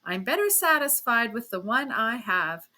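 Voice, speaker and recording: A woman voicing a blustering, hearty young gentleman who speaks loudly and teasingly to his wife. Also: on the high side, big pitch swings, normal speed. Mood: boisterous. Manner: loud, teasing, boastful.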